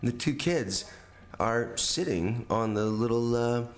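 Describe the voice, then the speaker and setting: A man telling a funny personal anecdote in a casual podcast chat, acting out the voices of the people in it. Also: measured pace. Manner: animated storytelling, acts out quotes with pitch jumps. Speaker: storyteller on a podcast.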